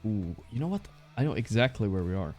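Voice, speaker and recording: A male streamer chatting casually while he plays, excitable and trash-talking, swearing often. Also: fairly low pitch, quick pace, soft background music. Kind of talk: casual live-stream chat while playing.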